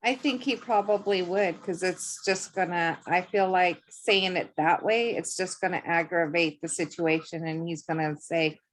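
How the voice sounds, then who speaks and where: A woman's voice: lowish voice, fairly even intonation, normal speed, hardly any pauses, low-quality recording. A woman taking part in an online class, answering the instructor casually over a video call. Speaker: class participant.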